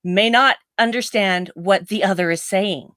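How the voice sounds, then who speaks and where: A woman's voice: medium pitch, unhurried, fairly bright tone, dry recording, studio quality. A woman co-hosting a casual chat, talking in a chatty, explanatory way and laughing often. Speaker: co-host.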